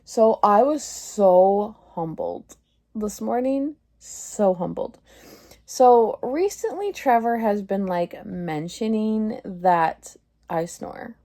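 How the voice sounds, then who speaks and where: A woman's voice: mid-range voice, expressive, takes it slowly, mellow. A woman in her thirties vlogging in a casual, rambling way, filling her talk with "like" and laughing at herself. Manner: rambling, heavy use of "like", laughing through embarrassment. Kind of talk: casual confessional vlog chat.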